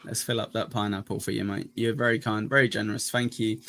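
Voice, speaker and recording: A man's voice: on the low side, little pitch movement, fast talker. Chatty English man hosting a stream. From England. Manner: chatty, jokey, thanks donors warmly. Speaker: streamer host reacting to clips. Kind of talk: casual live-stream chat.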